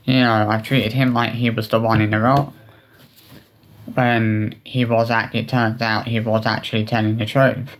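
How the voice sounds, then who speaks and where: Man, vlog, low voice, monotone, halting, repetitive, remorseful. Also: slight background noise. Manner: halting, repetitive, with many restarts and fillers; upset and remorseful. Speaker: vlogger. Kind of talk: personal apology vlog.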